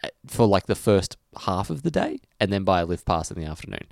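A man's voice: low-pitched, very animated, a little fast, creaky, dry recording, clean studio sound. An Australian man co-hosting a podcast, rambling and self-mocking in casual chat, laughing often. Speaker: podcast co-host.

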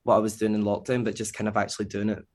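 A man's voice: fairly low pitch, very fast. A young Scottish man chatting casually as a podcast guest, rambling loosely with lots of fillers. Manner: relaxed and rambling, heavy on fillers. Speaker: guest, producer and DJ.

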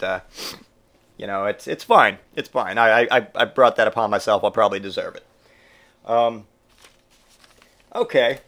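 A man hosting a podcast, rambling and swearing through a comic monologue, getting over a cold. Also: fairly low pitch. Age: adult parent who grew up in the eighties. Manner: profane, rambling and animated, with mock voices for quotes. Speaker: podcast host. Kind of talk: casual comedic monologue.

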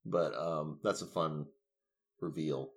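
A man co-hosting a casual movie chat, wry and joking and quick to laugh. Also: extremely low pitch, fairly even intonation. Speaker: podcast co-host.

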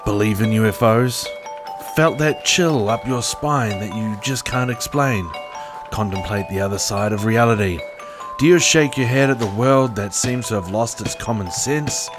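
A man's voice: on the low side, moderate pace, lightly acted. A man reading a podcast promo in a put-on Australian accent. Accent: fake Australian. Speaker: promo announcer. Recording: over background music.

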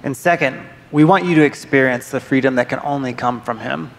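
A man sharing his testimony from a church stage, friendly and steady, with a light touch of humor. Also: mid-range voice, brisk. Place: church sanctuary. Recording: long reverb of a large hall.

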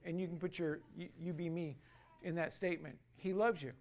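High-voiced man preaching with swelling emphasis. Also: steady tone, darkish tone. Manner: preaching with swelling emphasis, calling the congregation to repeat lines; drawn-out, slowed phrases on key words. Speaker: pastor. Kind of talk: sermon.

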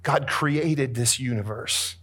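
Preaching slowly in a husky voice, this man swings from soft, quiet moments to thundering, emphatic statements in his sermon.

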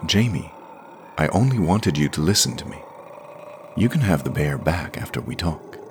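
A guarded, wry woman agent , as a man reads her, speaks low and steady. She is dry and determined, a story heroine with little fuss. A constant hiss runs under the voice. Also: normal speed, full character voice. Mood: soothing.

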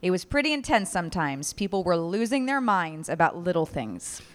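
A woman's voice: fairly low pitch, sing-song, moderate pace. Earnest woman reading testimony. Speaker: reader at a live oral-history reading. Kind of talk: read-aloud testimony.

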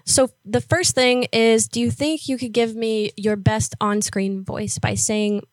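A woman's voice: medium pitch, darkish tone, no echo. A woman interviewing someone by phone, talking casually with many fillers and encouraging words.

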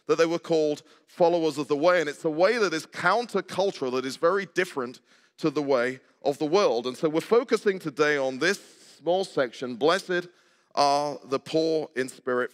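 An older male preacher gives a conversational sermon in a church sanctuary, asking the congregation questions and joking with them. His voice is a little high and fairly bright, carried by long hall reverb.

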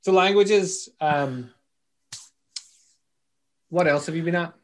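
A man's voice: a little high, takes it slowly. A man hosting a casual interview podcast, joking, swearing freely and wandering off into asides. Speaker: podcast host.

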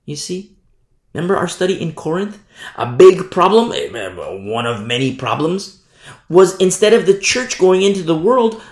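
A man preaching a sermon as pastor, emphatic and repetitive, often asking his listeners "you see?". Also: sits high. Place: church hall. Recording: echoey room.

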